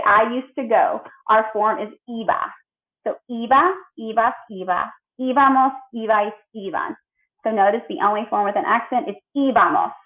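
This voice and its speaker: A woman teaching a recorded grammar lesson, explaining patiently and drilling verb forms clearly. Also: medium pitch. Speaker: Spanish teacher. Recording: tinny phone-like audio.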